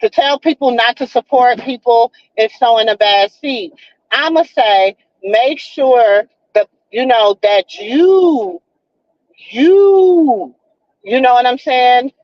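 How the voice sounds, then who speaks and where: On a live stream, a woman with a voice on the high side speaks slowly, addressing her viewers as baby and child in a folksy, preachy manner. "You know what I'm saying" recurs throughout, and the lo-fi audio is dull and dry.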